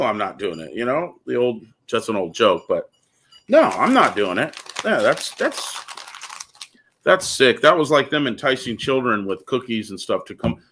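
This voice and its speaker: Ranting man with a bright, lively voice. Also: fairly high pitch. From California. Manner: blunt, ranting, says "dude" a lot. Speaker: podcast host. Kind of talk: casual opinion talk.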